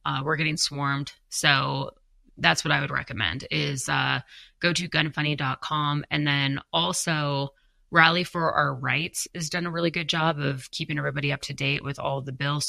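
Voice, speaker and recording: A woman's voice: sits low, gravelly, sharp tone, dry recording. A young woman co-hosting a podcast, chatting and reading viewer comments, tired and self-deprecating, often laughing. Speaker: podcast co-host.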